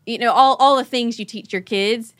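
A woman's voice: a little high, moderate pace, dry recording. A woman, hosting a podcast and telling stories, laughing often and acting out her children's voices. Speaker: podcast host. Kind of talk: casual conversational storytelling.

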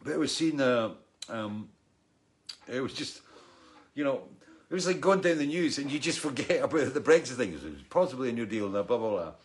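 Male host, loose rambling chat, curses freely, mid-pitched. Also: animated, a little fast. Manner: rambling and sweary, heavy on "you know". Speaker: show host. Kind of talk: casual livestream chat.

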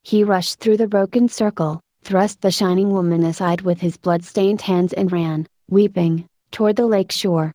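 A woman narrating a story in a steady, measured reading voice. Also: on the low side, no room sound. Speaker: audiobook narrator.

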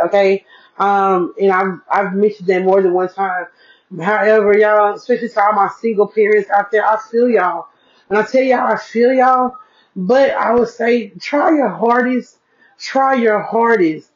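Woman, solo podcast host, easygoing repetitive chat, mid-pitched voice, muffled lo-fi mic. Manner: chatty, repeats herself for emphasis, addresses listeners as y'all. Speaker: podcast host, single mom. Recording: dull lo-fi recording.

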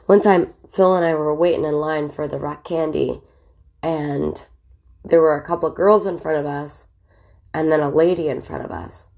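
A woman's voice: sits low, steady tone, moderate pace, creaky, darkish tone. A woman in her thirties casually telling childhood stories, chatty and candid, with lots of fillers. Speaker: vlogger. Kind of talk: casual storytelling, recalling childhood.

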